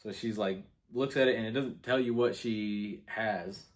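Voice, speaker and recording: A man co-hosting a movie review, calmly retelling the plot in casual chat. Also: on the low side, a little slow. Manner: laid-back play-by-play recap, acting out lines.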